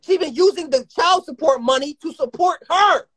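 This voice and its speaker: A man in his twenties talking heatedly and rapidly as a guest in a live conversation, swearing often and rambling. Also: very high voice, pushed and bright. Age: 20s. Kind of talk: emotional live-stream conversation.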